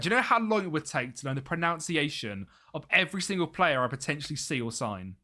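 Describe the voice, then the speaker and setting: A man's voice: fairly high pitch, big pitch swings, fast, few pauses, pushed and bright. A young British man chatting casually on a live gaming stream, muttering to himself and laughing often.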